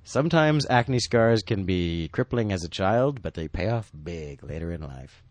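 Low-voiced man riffing on a movie. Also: dry recording. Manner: animated, laughing, doing quick impressions. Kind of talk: casual movie commentary chat.

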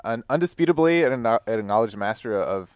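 A man's voice: mid-range voice, lively intonation, fairly quick, darkish tone, no echo, studio quality. A man co-hosting a movie commentary podcast, hesitant and swearing casually as he thinks aloud. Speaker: podcast co-host.

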